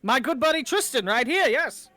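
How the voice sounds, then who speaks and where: A man speaking in character during a tabletop game, hesitant and prone to stammering restarts. His voice is high and bright. The sound is dry and close. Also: animated, moderate pace, dry recording, faint music behind. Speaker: player. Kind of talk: in-character tabletop role-play.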